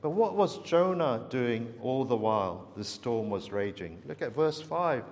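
A man's voice: mid-range voice, animated, a little slow. A man preaching an earnest sermon, telling the story dramatically and addressing his listeners as friends. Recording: long hall reverb.

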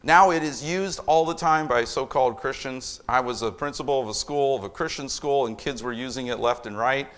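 A middle-aged man preaching a sermon as a pastor, emphatic, with loudness that rises and falls. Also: medium pitch, fairly quick, few pauses.

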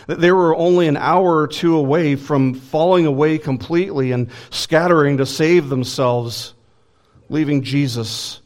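Male pastor, sermon, mid-pitched voice, emphatic rises, hushed solemn drops, acts out quoted dialogue. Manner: expository preaching with dramatic pauses and emphatic rises.

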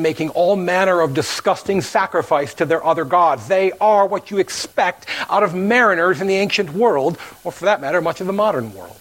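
A man's voice: fairly high pitch, low-quality recording. A male pastor preaching a sermon, acting out the story's characters and dropping at times to a near whisper.

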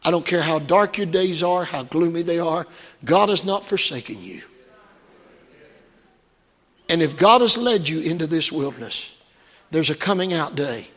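A man preaching a sermon from the pulpit, moving between quiet storytelling and shouted, fervent peaks. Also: fairly high pitch, animated, normal speed, pauses often, in a large hall. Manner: preaching that swings from hushed storytelling to shouted climaxes. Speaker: pastor. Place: church sanctuary.

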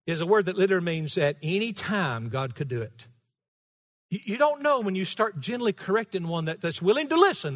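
A man preaching as pastor, emphatic and rising to shouts, teasing his congregation now and then, in a large church with a balcony. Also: high-pitched, in a large hall. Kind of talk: sermon.

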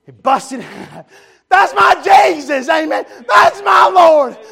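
A man preaching a fervent revival sermon, often shouting and repeating refrains. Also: animated, unhurried, some chatter behind. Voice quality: gravelly, high-pitched voice.

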